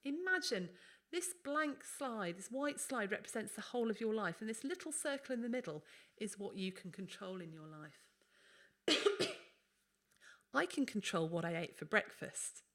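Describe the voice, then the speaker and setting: A woman's voice: mid-range voice, animated, normal speed, a bit bright. A woman, a doctor, giving a conversational, explanatory webinar presentation.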